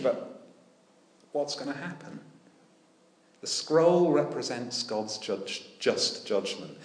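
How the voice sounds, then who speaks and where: A man preaching a sermon, animated and full of rhetorical questions with dry humour. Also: fairly low pitch, reverberant. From United Kingdom. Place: church.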